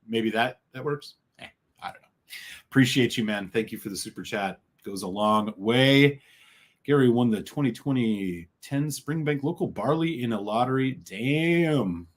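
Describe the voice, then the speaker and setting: This is a middle-aged man from the Chicago area hosting a live stream, with a voice pitched in the ordinary middle range. He talks upbeat and friendly while he reads the chat and welcomes each viewer by name. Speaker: host.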